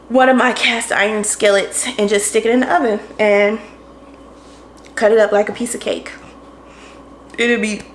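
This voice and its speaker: A young woman with a medium-pitched voice vlogs casually from her kitchen at home, tired and out of breath, laughing often as she chats. She speaks to a camera on a tripod, and the roomy kitchen echoes, with slight noise in the background.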